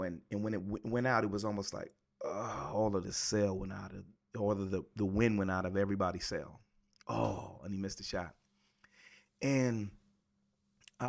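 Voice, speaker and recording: Earnest storytelling man in his forties. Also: lowish voice. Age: 40s. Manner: earnest, repeats words for emphasis, restarts. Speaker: motivational speaker. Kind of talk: personal storytelling.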